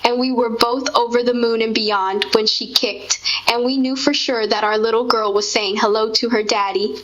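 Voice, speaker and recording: A woman's voice: fairly high pitch, steady tone, normal speed, fairly bright tone. A woman reminiscing in a sentimental, gushing way, in casual chat with her partner. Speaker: co-host. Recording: dull lo-fi sound.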